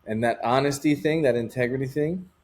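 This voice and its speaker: Speaking as an interview guest, a man tells a personal story candidly and ramblingly, full of casual fillers. His voice is mid-range with a darkish tone, and he talks a little fast.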